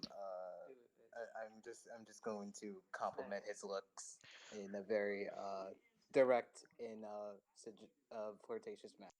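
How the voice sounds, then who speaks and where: Halting, swearing man at a game table. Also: fairly low pitch, flat delivery, low-quality recording. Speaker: player. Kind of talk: casual tabletop play.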